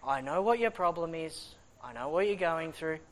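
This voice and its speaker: A man voicing God, speaking calmly and patiently to someone praying. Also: fairly high pitch, voice pushed down, close to an everyday voice. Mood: soothing. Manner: calm, slow, hushing to a whisper.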